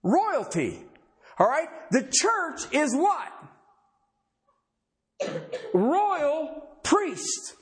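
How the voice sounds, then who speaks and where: Preacher guy with a really high voice, super animated, keeps throwing questions at the church. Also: very slow, long pauses. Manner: rhetorical questions to the congregation; emphatic, conversational. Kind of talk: sermon.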